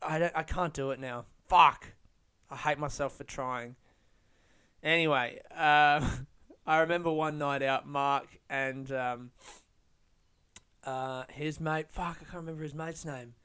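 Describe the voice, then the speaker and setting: Podcast host, male, slightly high voice, smooth and clear, rambling and self-deprecating with lots of swearing. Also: steady tone, unhurried, pushed and bright. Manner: rambling, profane, self-mocking. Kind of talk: casual solo podcast monologue. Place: London, UK.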